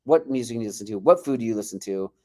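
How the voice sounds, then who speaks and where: A man's voice: fairly low pitch, very fast. A male martial arts instructor, a podcast guest, telling stories in a casual way and acting out quoted dialogue. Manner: animated, acts out quoted dialogue.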